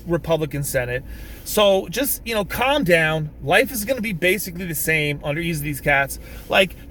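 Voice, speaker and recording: In a vehicle, a male vlogger goes on a loose political rant at the camera, swearing, restarting sentences, and erupting with emphasis. He has a high-pitched voice with a sharp tone.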